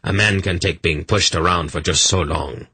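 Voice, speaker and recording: Man reading a complaining foot soldier, sullen and whiny, dark and husky. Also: low-pitched, moderate pace, no room sound, exaggerated voice. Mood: whining. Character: surly whining male common soldier.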